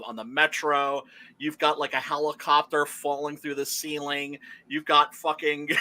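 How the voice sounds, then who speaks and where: A man talking loosely in a casual chat, full of fillers, swearing and bursts of laughter. His voice sits a little high and rings very bright and forceful. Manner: animated, profane, laughing storyteller with many fillers. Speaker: podcast host. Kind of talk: casual chat about horror movies.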